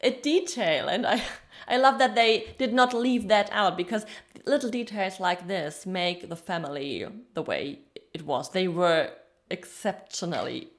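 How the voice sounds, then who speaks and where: A woman's voice: lowish voice, a little slow. A woman co-hosting a podcast, reviewing a TV episode in casual chat, with frequent ums. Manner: chatty, frequent ums, laughs while telling details. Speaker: podcast co-host.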